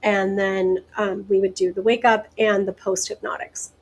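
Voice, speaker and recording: A woman's voice: medium pitch, normal speed, rough recording. Chatty woman telling stories with laughs. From Deep South, United States. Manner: chatty, laughs often, lively asides. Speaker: guest hypnotist. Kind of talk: casual interview storytelling.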